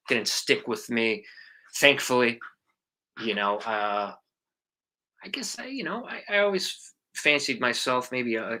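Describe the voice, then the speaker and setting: Guy in his 40s, super bright voice, animated, acts out quotes, swears a bit. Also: medium pitch. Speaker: actor guest. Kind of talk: casual interview storytelling.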